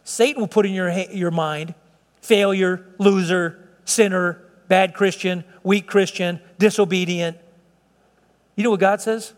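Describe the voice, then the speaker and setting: A man preaching a sermon as pastor, slowing down and stretching words for emphasis as his intensity rises. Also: high voice, steady tone, big-room sound.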